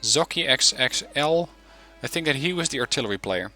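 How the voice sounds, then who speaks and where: A man hosting a gaming channel, giving relaxed, chatty commentary on a game replay with frequent ums. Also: mid-range voice, moderate pace, soft background music.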